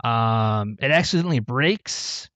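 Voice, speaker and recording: A man's voice: medium pitch, lively intonation, measured pace, fairly bright tone, no room sound. A man hosting a casual talk about comics, recapping plots with many ums and restarts. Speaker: podcast host. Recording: dull, dry lo-fi sound.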